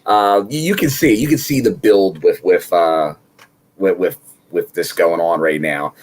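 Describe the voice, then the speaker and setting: A man's voice: sits low, unhurried. A man co-hosting a wrestling review podcast, giving thoughtful, rambling analysis. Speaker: podcast co-host. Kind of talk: casual wrestling review chat.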